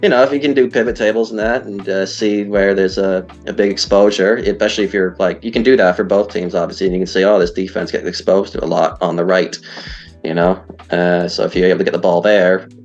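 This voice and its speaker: Deep guy rambling in an online interview, kinda muffled audio, quiet music under it. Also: fairly even intonation, quick pace, hardly any pauses. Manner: chatty, rambling, self-deprecating. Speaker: guest, league player. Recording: dull lo-fi audio, faint music.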